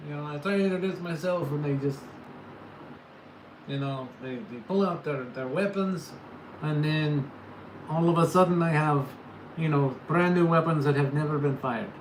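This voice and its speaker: A man's voice: on the high side, normal speed, slight background noise. A man from California hosting a casual livestream, rambling and joking with his chat. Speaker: livestream host. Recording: echoey room with faint ambience.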